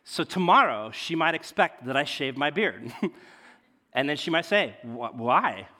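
Man, pastor, sermon, conversational, slightly high voice, long hall reverb. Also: expressive, normal speed. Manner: conversational, often asks "right?" with swings between loud emphasis and quiet asides.

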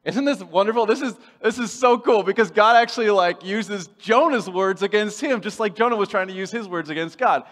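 A man preaching a sermon in a playful, animated way, swinging from loud bursts to hushed asides. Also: high voice, big-room sound.

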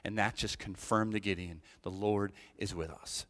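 A man's voice: on the low side, steady tone, moderate pace, a bit bright, in a large hall. A man preaching a sermon as associate pastor, telling a story animatedly and checking in with "right?".

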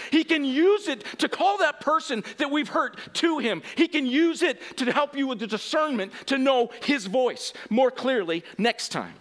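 Male pastor, sermon, high-pitched and lively, prone to outbursts and self-mocking laughs. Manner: animated, swings from quiet to shouted emphasis, laughs at himself.

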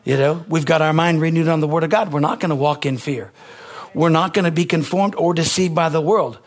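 Slightly fast, this man preaches a heartfelt sermon, restating phrases and swinging from loud outbursts down to quiet, low-voiced asides.

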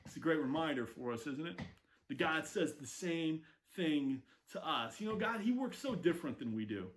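A man preaching a sermon, telling stories with lively acted-out quotes. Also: fairly high pitch, normal speed. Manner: animated storytelling with acted quotes. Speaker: pastor.

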